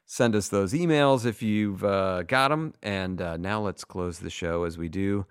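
A man's voice: low voice, measured pace, clear, resonant tone, dry recording, studio quality. A middle-aged man co-hosting a podcast, chatting casually and telling a story with wry, profane humor. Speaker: podcast co-host. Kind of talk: casual chat.

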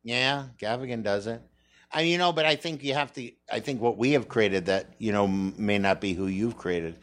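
A stand-up comedian being interviewed, talking in an earnest, reflective, rambling way. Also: male voice, fairly low pitch, moderate pace, a bit bright. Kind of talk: candid interview conversation.

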